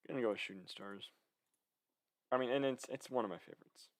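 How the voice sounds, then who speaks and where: A man's voice: medium pitch, fairly quick, no room sound. A young man chatting casually to camera, rambling with many fillers and slightly out of breath. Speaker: vlogger. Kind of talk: casual chat.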